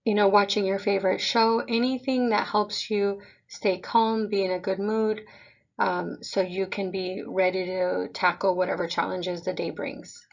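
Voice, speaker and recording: Woman presenter, parent webinar, calm and measured, mid pitch, dull recording. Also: gravelly. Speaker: school district presenter.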